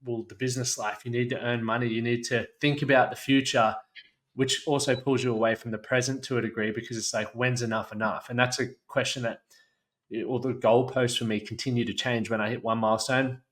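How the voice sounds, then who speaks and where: A man's voice: medium pitch, level tone, a little fast, a bit bright. A young man hosting a podcast, talking in a reflective, earnest, casual way. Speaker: podcast host. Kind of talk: conversational interview.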